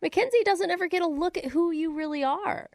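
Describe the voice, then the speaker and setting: A woman co-hosting a radio talk show, chatty and quick to laugh. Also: very high voice, gravelly, darkish tone, no room sound, studio quality. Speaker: radio co-host.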